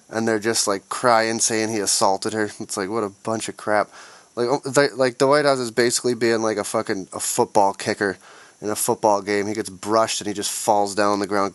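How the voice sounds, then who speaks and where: Low-voiced man on an angry podcast rant. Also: a bit bright, no echo. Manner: angry, profane, sarcastic. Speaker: podcast host.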